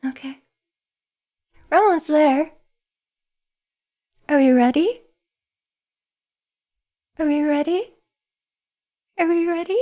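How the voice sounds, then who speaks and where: High-voiced, giggly woman streamer. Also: slow, long pauses, mellow. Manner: giggly, emotional, self-deprecating. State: nervous, hands shaking. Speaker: VTuber streamer. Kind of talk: casual livestream chat.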